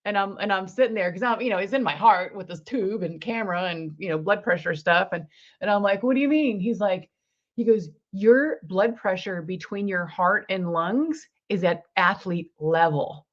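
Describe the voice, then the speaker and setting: A woman's voice: mid-range voice, moderate pace. A woman, a guest in an interview, telling a personal story earnestly and acting out the dialogue in it. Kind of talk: personal testimony in conversation. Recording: slightly dull lo-fi recording.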